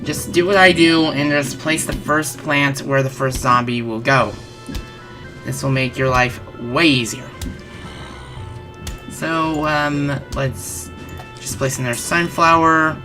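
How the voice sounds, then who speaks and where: A woman's voice: deep voice, fairly even intonation, slow, over music. A woman with a stuffy, slightly congested voice giving rambling, self-correcting let's-play commentary on a game as a channel host.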